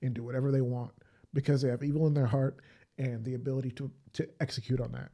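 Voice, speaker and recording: Reflective, mellow-voiced male host. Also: mid-range voice, little pitch movement. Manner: reflective, halting, full of restarts. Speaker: podcast host. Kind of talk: conversational podcast interview.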